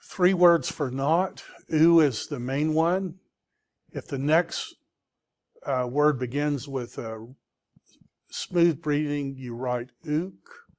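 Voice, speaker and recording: A man's voice: fairly high pitch, slow pace. A middle-aged man teaching a Greek vocabulary lecture to students, patiently checking in with the class as he goes.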